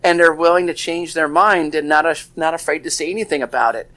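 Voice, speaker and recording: A man's voice: a little high, steady tone, fairly quick, pushed and bright. A man co-hosting a casual talk show, rambling with many restarts and "you know"s. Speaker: co-host. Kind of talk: casual chat.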